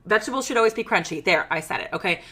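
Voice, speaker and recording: A woman in her thirties hosting a comedic solo podcast, ranting in a sassy, exaggerated way with sudden hushed asides. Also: mid-range voice, animated, rapid-fire. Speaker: podcast host.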